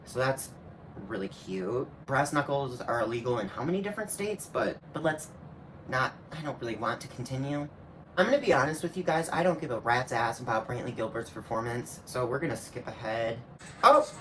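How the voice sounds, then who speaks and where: A man's voice: medium pitch, lively intonation, fairly quick, a bit bright, a little hiss or hum. A man hosting a reaction video, giving sassy, snarky commentary full of slang and asides. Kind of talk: casual sarcastic commentary.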